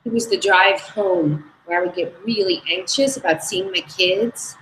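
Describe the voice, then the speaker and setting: Woman co-host in her thirties, mid-pitched, chatty storyteller, echoey room with faint noise. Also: moderate pace, fairly bright tone. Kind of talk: casual podcast chat.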